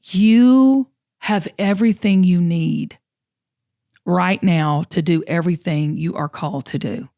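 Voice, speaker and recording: A woman's voice: fairly low pitch, measured pace, mellow. A woman host, talking earnestly and encouragingly on her show. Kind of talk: podcast conversation.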